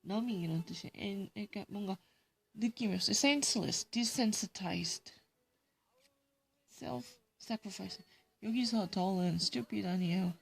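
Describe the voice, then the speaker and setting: A woman's voice: medium pitch, racing, vocal fry. A woman with a Korean accent, Korean as her first language, reading English vocabulary words and definitions aloud and explaining them in casual solo study.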